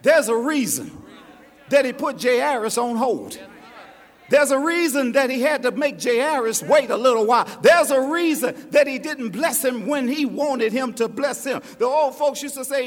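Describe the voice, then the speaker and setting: A man preaches with a very high, ringing voice, swinging between shouts and a sung, chanting delivery. He addresses his congregation directly. His words carry a long reverb through a church sanctuary. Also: lively intonation, moderate pace. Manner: impassioned, shouting and half-singing his lines; talks straight to the congregation. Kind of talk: sermon.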